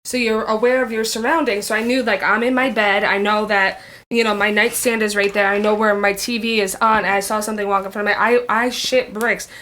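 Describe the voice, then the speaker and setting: A woman's voice: mid-range voice, steady tone, brisk, fairly bright tone. A woman on a casual podcast, chatty and swearing casually, with lots of filler words. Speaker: podcast co-host.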